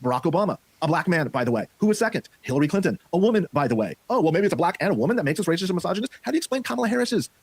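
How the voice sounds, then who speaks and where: A man's voice: sits high, very animated, very fast, few pauses, slightly rough, dry recording. A man giving heated political commentary on a podcast, impassioned and stumbling over repeated words when worked up.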